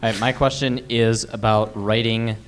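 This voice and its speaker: A man's voice: on the low side, flat delivery, normal speed, a little hiss or hum. A man in the audience earnestly asking a panel a question, with many fillers. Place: convention panel room.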